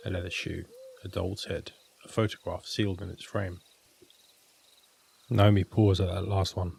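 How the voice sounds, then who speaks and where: A man narrating a scripted horror story in a measured, grave, unhurried way. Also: low-pitched, slight background noise.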